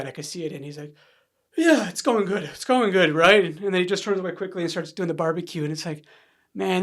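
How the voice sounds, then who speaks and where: Speaking with a fairly high, gravelly voice, a man guesting on a podcast in the studio tells a personal story openly. He's animated and acts out the voices of the people he quotes.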